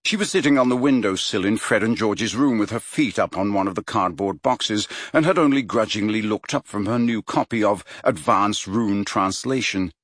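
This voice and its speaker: A man narrating an audiobook in an expressive, measured way. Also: on the low side, no room sound, studio quality. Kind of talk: scripted narration.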